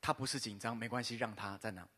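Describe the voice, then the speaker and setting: Man, 50s, pastor, sermon testimony, quick delivery, sharp bright tone, speaks in short bursts. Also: lowish voice, breathy edge. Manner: lively storytelling pauses for an interpreter.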